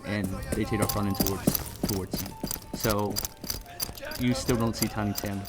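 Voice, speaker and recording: A man running a horror tabletop game as game master, narrating in a measured way with frequent fillers. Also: fairly low pitch, steady tone. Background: music.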